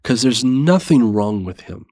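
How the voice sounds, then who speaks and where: A man in his thirties hosting a parenting show, talking in an earnest, measured and self-reflective way. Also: medium pitch, expressive, a little mellow, no room sound, studio quality. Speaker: parenting podcast host. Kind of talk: reflective monologue.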